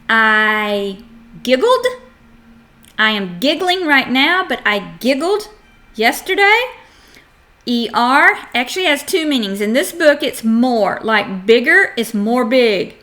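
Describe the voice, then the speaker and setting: A middle-aged woman teaching a phonics lesson to young children, sounding out letters and words clearly and acting out examples with playful energy. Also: fairly high pitch. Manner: animated and playful, acts out examples.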